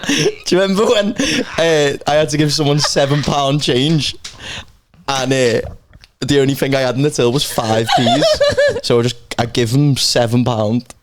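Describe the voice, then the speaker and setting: A young man chats on a podcast at a middling pitch. He tells stories against himself in a halting way, with restarts and phrases that trail off. A faint hiss lies under the voice. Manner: self-deprecating, halting, trailing off. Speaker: podcast co-host, comedian. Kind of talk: casual chat.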